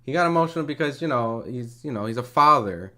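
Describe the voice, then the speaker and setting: A man's voice: mid-range voice, animated, quick pace, bright, forceful tone. Casual man hosting live watch-party commentary; loose, conversational. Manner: loose, casual, swears freely.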